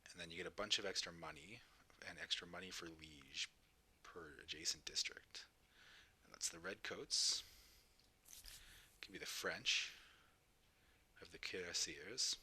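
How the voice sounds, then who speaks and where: A man's voice: sits low, measured pace, pauses often, bright, forceful tone, slightly rough, rough recording. A tired male streamer casually thinking aloud about game choices, sometimes mumbling. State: tired, yawning. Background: game music.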